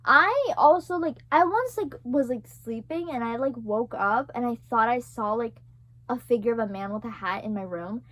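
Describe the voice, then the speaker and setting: A young vlogger shares a story with her viewers at a moderate pace, her slightly high voice animated and fairly bright. She rambles casually, fills her speech with "like" and "right?", and swears now and then.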